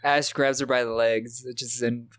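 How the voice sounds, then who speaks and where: In a dry, echo-free recording, a man with a mid-range voice and flat delivery talks at a moderate pace with a fairly bright tone. He's co-hosting a podcast, chatting through a horror film's story beat by beat and laughing often.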